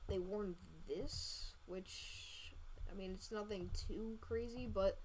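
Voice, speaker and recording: A woman hosting a live storm-tracking stream, talking casually over radar with many fillers and quick self-corrections. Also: mid-range voice, steady tone, darkish tone, slight background noise, low-quality recording. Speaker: storm-tracking livestream host. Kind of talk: live weather radar commentary.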